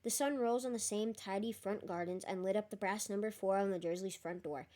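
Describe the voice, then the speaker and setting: A woman's voice: medium pitch, brisk. Woman reading a novel aloud. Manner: lively reading, chatty and joking in asides. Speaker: reader.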